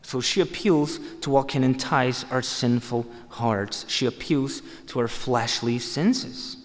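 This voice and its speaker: A man's voice: mid-range voice, slow pace. A man preaching a sermon, emphatic and repeating phrases for stress. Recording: long hall reverb.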